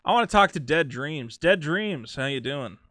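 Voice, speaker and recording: Animated man hosting a call-in show. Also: fairly high pitch, dry recording, clean studio sound. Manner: animated, joking, quick to riff. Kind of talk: casual chat.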